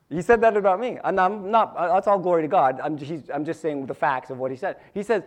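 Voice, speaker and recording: Casting note: male preacher with a slightly high voice, folksy and chatty, asks the congregation questions. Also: fast, few pauses, a little mellow. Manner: conversational storytelling, asks the audience questions; repeats phrases, restarts sentences. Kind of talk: sermon.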